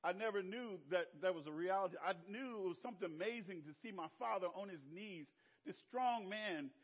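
Older southern pastor preaching, high voice, storytelling with laughs, muffled lo-fi audio. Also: male voice, fairly quick, husky. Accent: Southern American. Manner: storytelling with laughter and sweeping shifts in loudness. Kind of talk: sermon.

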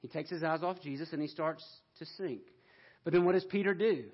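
A man's voice: fairly high pitch, brisk, highs cut off. A man preaching a sermon in an earnest way, pushing up into emphatic questions.

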